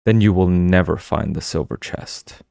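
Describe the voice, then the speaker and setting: A man's voice: low-pitched, normal speed, gravelly, darkish tone, dry recording, studio quality. A man voicing a stern, mysterious woman of the forest who gives solemn commands in an audiobook. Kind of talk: audiobook character voice.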